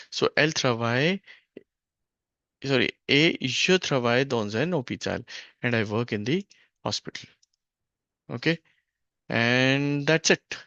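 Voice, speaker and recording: Slow, gravelly teacher. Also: male voice, medium pitch, fairly bright tone, dry recording, lo-fi sound. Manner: slow, stop-start, corrects himself often. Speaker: French teacher. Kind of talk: worksheet grammar lesson.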